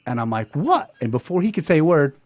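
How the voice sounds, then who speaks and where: A man hosting a podcast, telling a story in a casual, animated way and acting out the dialogue. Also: on the high side, quick pace, soft background music. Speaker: podcast host.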